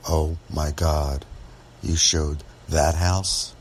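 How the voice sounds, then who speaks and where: A man's voice: very deep voice, little pitch movement, drawn-out words, a little hiss or hum, exaggerated voice. A man voicing a blunt, drawling female office receptionist in a true-life podcast story. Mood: blunt warning. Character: blunt middle-aged woman office receptionist.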